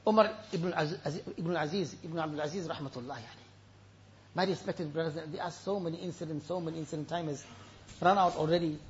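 A man's voice: fairly high pitch, fast talker, dull audio, slight background noise. A man preaching a sermon with emotion, telling stories and reciting Arabic verses.

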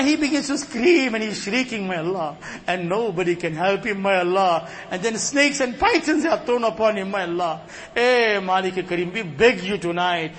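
A man's voice: high voice, a bit bright, a little hiss or hum. A man leading a long, fervent Islamic supplication, his voice rising into tearful pleading.

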